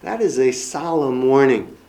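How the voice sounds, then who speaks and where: A man's voice: medium pitch, lively intonation, unhurried, warm tone, low-quality recording. A man preaching a sermon, reading scripture aloud and expounding it with emphatic repetition.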